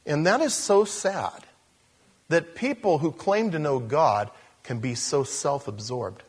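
A man preaching a sermon, animated, moving between loud emphatic lines and low, slow ones. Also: breathy edge.

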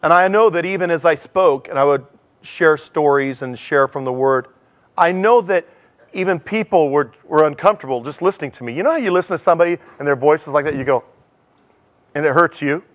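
A middle-aged man giving a sermon in a church, animated and self-deprecating, telling stories and acting out dialogue. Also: on the high side, a little fast. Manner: animated, acts out dialogue in changing voices. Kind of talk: sermon with storytelling.

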